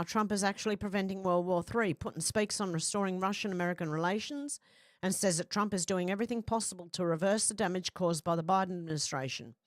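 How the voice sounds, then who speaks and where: A woman's voice: medium pitch, dry recording, studio quality. A blunt, chatty woman hosting a livestream, reading out viewer comments and swearing freely. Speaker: host.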